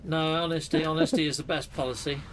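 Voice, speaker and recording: A man hosting a multiplayer game stream, chatting casually and joking excitably with friends. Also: fairly high pitch, quick pace, slight background noise. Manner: jokey, excitable, lively. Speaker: streamer host. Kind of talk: casual gaming chat.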